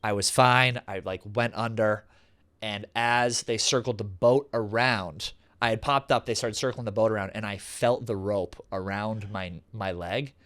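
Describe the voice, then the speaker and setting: A man's voice: fairly low pitch, measured pace. A man hosting a podcast in casual chat, telling stories with lots of laughter and animation. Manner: animated storyteller, laughs often. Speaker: podcast host.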